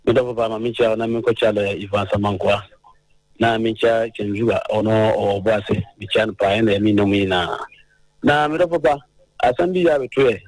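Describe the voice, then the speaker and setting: A man calling into a radio show, speaking in a steady, conversational way. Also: on the low side, brisk, no echo, rough recording. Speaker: radio phone-in caller. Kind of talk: phone-in call.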